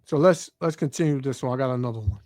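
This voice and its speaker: A man's voice: medium pitch, quick pace, darkish tone, no room sound, clean studio sound. A man preaching over news clips, reading scripture aloud, stammering on fillers and ending his phrases with "man". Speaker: street preacher.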